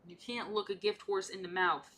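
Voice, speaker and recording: A woman's voice: mid-range voice, steady tone, moderate pace, pushed and bright. A young woman streamer in casual live-stream chat while painting miniatures, chatty and playful, often repeating herself.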